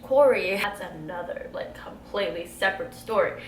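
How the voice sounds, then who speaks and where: A woman in her twenties chatting casually to camera, telling a storytime tale, animated and full of "like.". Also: mid-range voice, moderate pace, recorded from a distance. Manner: chatty, animated, heavy use of "like". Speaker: beauty vlogger telling a story. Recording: echoey room, faint background hiss.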